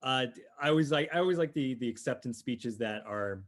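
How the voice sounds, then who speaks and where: Speaking fairly quickly in a mid-range voice, a man co-hosts a podcast and enthuses about movies in casual review chat. He restarts his sentences often.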